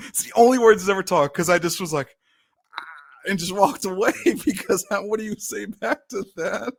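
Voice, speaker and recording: A man in his thirties co-hosting a sports podcast, telling football stories in a casual, animated way and laughing often. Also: high voice, moderate pace, gravelly, no room sound. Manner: animated storyteller, shouts quoted lines, laughs often. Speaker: podcast co-host, former lineman. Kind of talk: casual storytelling chat.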